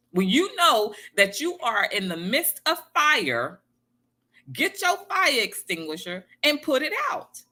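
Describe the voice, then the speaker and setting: A woman's voice: fairly high pitch, big pitch swings, takes it slowly, pushed and bright. A woman giving a casual motivational talk, emphatic and repeating her key phrases to viewers. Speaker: motivational speaker.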